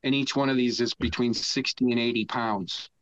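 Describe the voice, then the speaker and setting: A man in his sixties, a podcast guest, telling a long story in a casual, animated way. He swears freely and shouts out the lines he quotes. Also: mid-range voice, normal speed, muffled recording.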